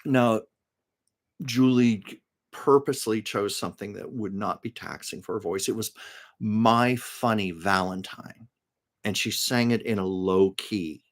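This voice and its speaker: A man's voice: fairly low pitch, measured pace. A man hosting a live stream, telling show-business anecdotes in a casual, chatty way, laughing often and stopping to read viewers' comments aloud. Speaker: livestream host. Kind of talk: casual storytelling to a live chat. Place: home livestream.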